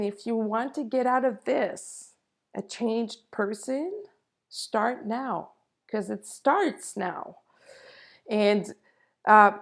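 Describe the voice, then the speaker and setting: A woman giving an earnest spiritual talk to camera, in unhurried, drawn-out phrases. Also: mid-range voice, gravelly. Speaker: spiritual channel host. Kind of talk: slow spiritual monologue to camera.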